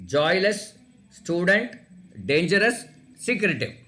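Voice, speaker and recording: High-voiced teacher running a quiz. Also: male voice, animated, pushed and bright, a little hiss or hum. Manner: spells words letter by letter, repeats questions slowly. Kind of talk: online class quiz, reading questions aloud.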